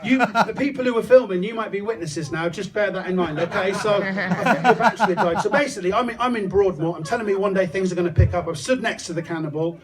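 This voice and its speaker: A man's voice: high-pitched, fast, hardly any pauses. A man doing a crude, swearing stand-up comedy set outdoors on a hot tub, telling a story with mock-paranoid asides. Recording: distant mic, loud crowd around. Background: crowd laughing.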